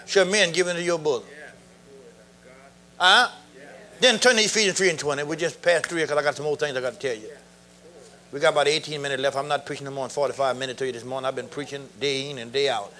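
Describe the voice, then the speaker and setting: Preacher, man, middle-aged, high bright voice, lively, laughing and shouting through the sermon. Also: quick pace.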